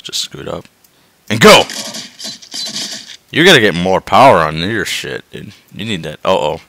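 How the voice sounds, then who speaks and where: A man swearing his way through a game, dropping to tired mutters and then yelling in excitement. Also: low voice, a little slow, vocal fry, a little hiss or hum. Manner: swearing, swinging between mutters and yelps. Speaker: gameplay commentator. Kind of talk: profane let's-play commentary.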